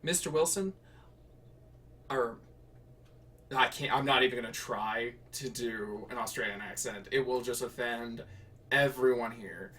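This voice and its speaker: A man's voice: medium pitch, unhurried, pauses often, fairly bright tone, far from the mic, a little hiss or hum. A man streaming himself writing and reading flash fiction in a casual way, laughing and correcting himself with rambling asides.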